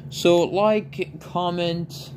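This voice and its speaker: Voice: medium pitch, steady tone, extremely slow, darkish tone, a little hiss or hum. A fan storyteller improvising a story in a rambling way, full of fillers and self-corrections.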